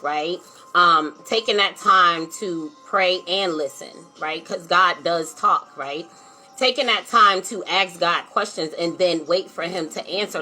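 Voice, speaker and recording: A woman's voice: medium pitch, pushed and bright, low-quality recording. A woman, talking earnestly to her live-stream viewers as a spiritual coach and asking "right?" again and again. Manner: earnest, repeats herself, says "right?" and "like" often. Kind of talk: casual heartfelt live-stream talk.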